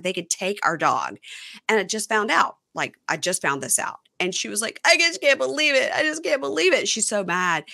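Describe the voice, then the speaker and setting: A woman hosting a casual chat, recapping a reality show and acting out what the cast said. Her voice sits fairly low but is bright and forward. Her pitch swings widely whenever she quotes someone. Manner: animated, acts out the cast's lines in quoted voices. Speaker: podcast host.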